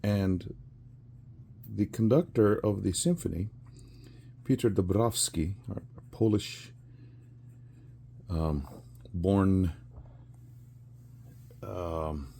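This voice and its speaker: A man's voice: sits low, drawn-out words, gravelly, long pauses, dark tone, a little hiss or hum. A man in his sixties telling a rambling story with chuckles and fillers while he works on a craft. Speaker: resin crafter.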